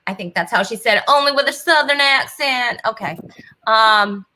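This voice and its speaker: A chatty woman hosts a casual talk show over a video call, her voice bright and a little high. She laughs often and her talk is loose, full of fillers and asides. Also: moderate pace, rough recording. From New England. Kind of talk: casual chat.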